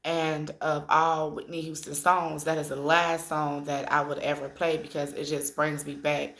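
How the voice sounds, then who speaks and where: Woman, thirties, deep gravelly voice, tearful personal vlog talk, echoey room. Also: a bit bright. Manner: conversational, addresses viewers directly, drawn-out filler pauses. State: tearful after crying. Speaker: spiritual vlogger. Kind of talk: emotional personal storytelling.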